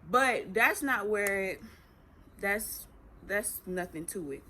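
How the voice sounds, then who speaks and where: Acting out other people's lines as she goes, a teen vlogger recounts something that happened to her in a chatty, lively way. Her voice is medium-pitched and her pace is slow.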